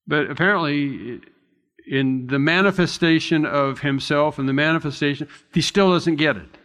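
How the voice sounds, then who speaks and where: A man's voice: fairly high pitch, moderate pace, fairly bright tone, in a large hall. A man preaching an expository sermon in a conversational, reflective way, often restarting and adding asides.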